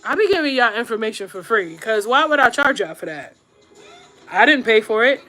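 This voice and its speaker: A woman's voice: a little high, big pitch swings, fairly quick, pushed and bright, soft background music. A woman streamer giving casual, blunt advice to her viewers while doing her makeup, slangy and emphatic, repeating her points for stress. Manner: slangy, addresses viewers directly. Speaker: YouTube streamer and podcaster.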